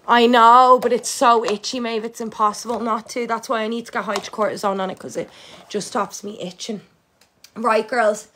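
A woman's voice: a little high, a bit bright. A young woman casually chatting to her viewers while she plays a game, swearing freely and shrieking when things go wrong. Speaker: livestreamer. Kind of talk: casual gaming livestream chat.

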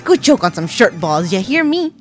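A woman's voice: mid-range voice, very animated, moderate pace, soft background music, natural voice. A woman voicing a swaggering Southern cowboy man who drawls in a folksy way and swaps his cuss words for tame ones. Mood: gruff blustering. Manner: folksy drawl, censored cussing.

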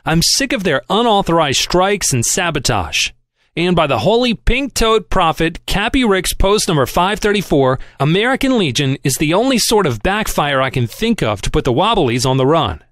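A man's voice: a little high, sing-song, moderate pace, fairly bright tone, dry recording, clean studio sound. A man voicing a crusty, shrewd old shipping magnate who barks and chirps by turns, in an audiobook reading. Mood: scolding. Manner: barking, chirpy and teasing by turns.

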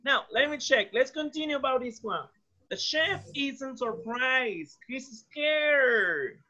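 A woman teaching English, slowly repeating phrases for students to echo and mixing in Spanish. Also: high-pitched, expressive, bright, forceful tone. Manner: switches between English and Spanish. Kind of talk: classroom drilling. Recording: dull lo-fi sound.

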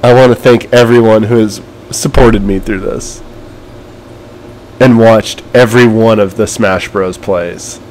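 Overwhelmed male gamer, halting and emotional. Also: on the low side, fairly even intonation, darkish tone, a little hiss or hum. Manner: emotional, halting, trails off and restarts. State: teary and overwhelmed. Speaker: gaming video creator. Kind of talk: gameplay commentary.

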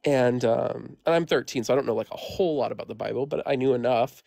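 A man's voice: mid-range voice, quick pace, vocal fry, warm tone, no echo, studio quality. A man in his thirties from the Midwest of the United States, casually telling a story as a caller, rambling with lots of "like" and "um" fillers. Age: 30s. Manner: rambling, heavy use of "like" and "um" fillers. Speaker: caller sharing a paranormal story.

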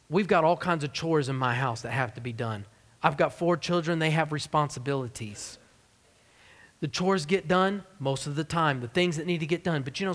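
Humorous preacher with hall reverb. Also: male voice, on the high side, a bit bright. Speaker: pastor. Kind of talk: sermon. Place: church sanctuary.

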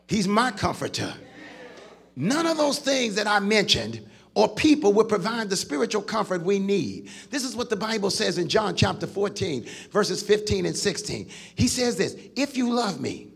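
Male preacher, high husky voice, shouting sing-song sermon. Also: sing-song, normal speed. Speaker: pastor.

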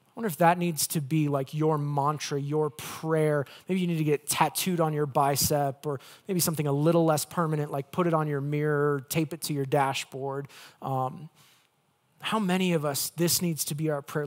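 A male pastor preaching a conversational sermon with playful asides, swinging between loud emphasis and hushed, gentle lines. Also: a little high, fairly even intonation, moderate pace.

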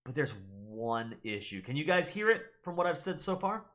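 Young American male host, casual explainer, teacherly, expressive pitch, mid-range voice. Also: normal speed. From United States. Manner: teacherly, checks in with "right?". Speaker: gaming channel host.

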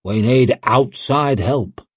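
A man's voice: mid-range voice, slow pace, husky, no room sound. A man playing an eager plotting nobleman. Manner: eager, flattering.

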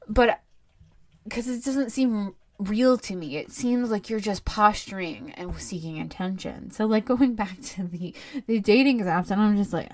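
A woman hosting her own podcast, talking candidly in a rambling, heartfelt solo monologue that turns animated when she rants. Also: mid-range voice, normal speed. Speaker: podcast host.

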